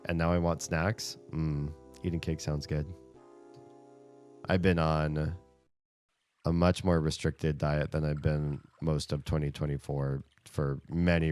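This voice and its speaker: Casting: male streamer, very low voice, loose rambling chat over a game, faint music underneath. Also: darkish tone. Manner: rambling, thinks aloud, chuckles often. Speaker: streamer playing a rhythm game. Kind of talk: casual chat while gaming.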